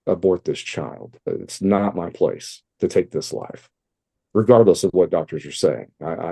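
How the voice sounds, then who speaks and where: A middle-aged man from Texas speaks in a low, very dark, mellow voice. He tells his story candidly as a podcast guest, with loose fillers and blunt asides. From Texas, USA. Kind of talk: personal storytelling in an interview.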